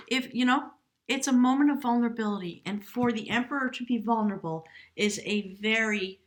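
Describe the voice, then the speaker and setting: Gentle, emotive woman tarot reader. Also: medium pitch, fairly quick. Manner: gentle, emotive, talks to spirit guides. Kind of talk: spontaneous tarot reading.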